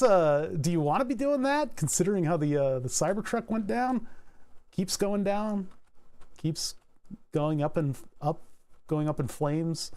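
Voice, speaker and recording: A man's voice: a little high, a little mellow. A man with a Philadelphia accent chatting casually and jokingly on a livestream while he designs circuit boards, rambling and swearing freely. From Philadelphia, USA. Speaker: streamer.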